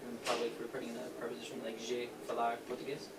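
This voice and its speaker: A man's voice: medium pitch, completely flat delivery, racing. A man in a language class asking a hesitant question about grammar. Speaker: language student. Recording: far mic, loud background noise.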